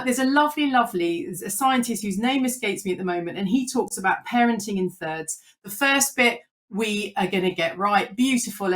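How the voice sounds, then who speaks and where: A woman speaking on a parenting panel, chatty, telling animated stories. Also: medium pitch. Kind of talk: panel discussion.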